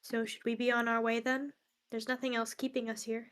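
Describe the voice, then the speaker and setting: Hesitant higher-voiced woman player. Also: little pitch movement, fairly quick, a bit bright. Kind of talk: tabletop role-play in character.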